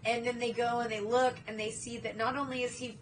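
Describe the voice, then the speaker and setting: A woman's voice: fairly high pitch, level tone, brisk, slight background noise, poor audio. A young woman co-hosting a podcast, chatting casually and animatedly, swearing freely and acting out movie scenes. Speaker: podcast co-host. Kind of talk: casual chat.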